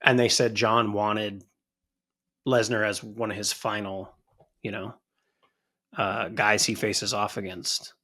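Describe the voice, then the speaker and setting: A man co-hosting a wrestling podcast, chatting casually in a relaxed, joking way that often trails off. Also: fairly low pitch, takes it slowly, long pauses. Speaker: podcast co-host.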